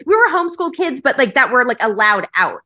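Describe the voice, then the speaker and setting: Female podcast guest, bright, fairly high voice, teasing and sarcastic, curses casually. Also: sing-song, brisk. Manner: teasing, sarcastic, swears freely.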